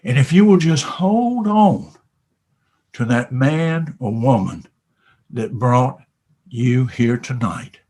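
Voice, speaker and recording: Husky guy telling a sales story, slow and dramatic, swings hushed to loud. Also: medium pitch, lively intonation. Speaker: motivational storyteller. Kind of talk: animated retold sales story.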